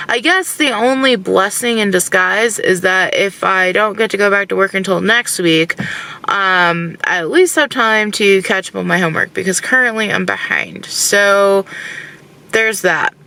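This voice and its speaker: Frustrated rambling woman vlogger, bright gravelly voice. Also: medium pitch, rough recording. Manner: frustrated, rambling, says "like" constantly. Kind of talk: casual vlog rant. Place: in her car.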